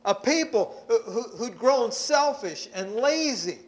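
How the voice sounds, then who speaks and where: A man's voice: very high voice, animated, slow. A man preaching a sermon, emphatic, repeating words as he presses his points.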